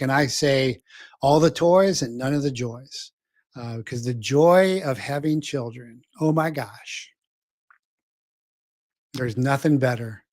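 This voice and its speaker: A man's voice: mid-range voice, no room sound, clean studio sound. Older man, rambling livestream host. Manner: rambling, many fillers and restarts. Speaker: show host. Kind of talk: casual livestream talk reading viewer comments.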